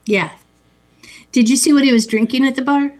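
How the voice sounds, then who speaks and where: A woman's voice: sits high, steady tone, normal speed, a little mellow. A woman in casual chat about a film, adding trivia and wry asides.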